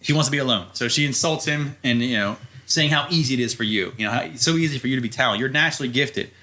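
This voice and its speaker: A man's voice: medium pitch, fast, bright, forceful tone. A man co-hosting a podcast, recapping a story in loose, profane chat with frequent laughs. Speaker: podcast co-host.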